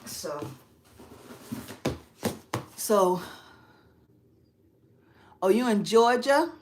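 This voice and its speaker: A middle-aged woman chatting casually on a phone live stream from a quiet room at home, expressive and quick to laugh. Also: medium pitch. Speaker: craft channel host. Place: quiet spare bedroom at home.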